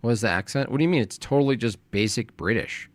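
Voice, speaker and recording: A man's voice: medium pitch, fast, dry recording. A man streaming casual, rambling chat, hedging and self-deprecating as he talks.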